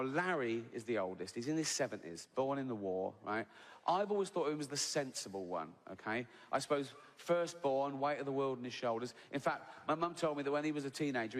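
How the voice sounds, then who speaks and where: An English man in his sixties doing a stand-up routine, swearing freely, tagging lines with "right?" and laughing at his own story. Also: mid-range voice. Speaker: stand-up comedian. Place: large theatre stage. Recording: reverberant live venue, faint ambience.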